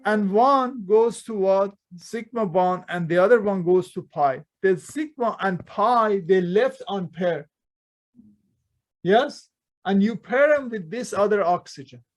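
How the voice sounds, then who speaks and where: A man's voice: high voice, slow. A man teaching a chemistry class, constantly quizzing students with rhetorical questions and speaking with non-native grammar. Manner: non-native grammar, dropped plurals and articles. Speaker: chemistry lecturer. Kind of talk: classroom lecture. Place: lecture hall.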